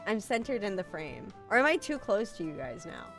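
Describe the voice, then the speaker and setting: Lively, animated woman streamer. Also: medium pitch, brisk, creaky, soft background music. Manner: animated, swearing, self-mocking, reads chat aloud. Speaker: VTuber streamer. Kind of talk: casual live-stream chat.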